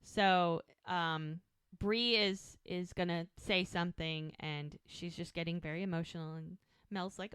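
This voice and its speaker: A woman's voice: clear, resonant tone, no echo, clean studio sound. A woman co-hosting a podcast, recapping an episode in casual chat and acting out lines as she goes. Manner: animated recapping, acting out lines with quick shifts in pitch. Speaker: podcast co-host.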